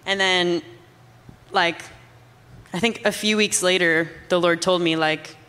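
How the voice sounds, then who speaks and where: A woman's voice: lowish voice, steady tone, a little slow, bright, forceful tone, big-room sound. A young Canadian woman telling her story in a casual, rambling way, filling her speech with "like". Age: young adult. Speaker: guest. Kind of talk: casual testimony chat.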